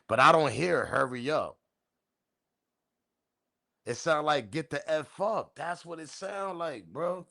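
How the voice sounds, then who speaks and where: A man hosting a commentary channel, talking in a casual, slangy, animated way and repeating his points. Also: a little high, slow pace, vocal fry, pauses often. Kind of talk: casual commentary on audio clip.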